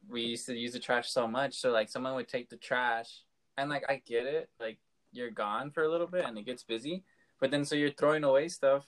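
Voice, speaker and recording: A young man with an average-pitched voice co-hosts a podcast. He talks loose and slangy, with loads of "like" and "dude". He sounds at ease, like someone chatting with friends. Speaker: podcast co-host. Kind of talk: casual chat.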